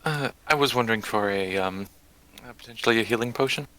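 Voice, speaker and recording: A man's voice: mid-range voice, fast talker, pushed and bright, no room sound. Hesitant man in a tabletop game. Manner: hesitant, unsure. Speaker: player.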